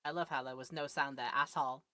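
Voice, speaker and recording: Chatty woman streamer, bright voice. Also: a bass voice, steady tone, brisk, dry recording, studio quality. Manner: chatty, jokey, thinks aloud. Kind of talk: casual let's-play commentary.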